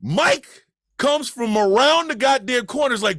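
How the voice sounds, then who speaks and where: A man from Kansas City telling a comedic story on a podcast. He talks in an animated, profane way, acting out the voices of the people in it and breaking into shouts. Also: very high-pitched, moderate pace, no room sound, studio quality. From Kansas City, USA.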